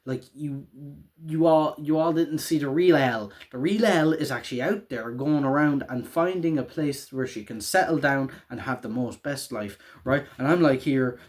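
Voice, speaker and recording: Speaking at a moderate pace in a mid-range voice, this young man vlogs casually about a TV show's finale. His emotional recap rambles, is packed with swearing, and often ends lines with "right?"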